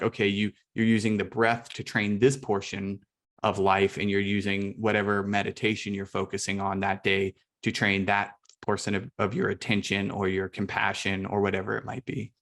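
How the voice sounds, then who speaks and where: A man's voice: lowish voice, brisk. A man, a guest breathwork teacher, chatting casually on a video call, with lots of fillers and restarts. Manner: relaxed, filler-heavy, many restarts.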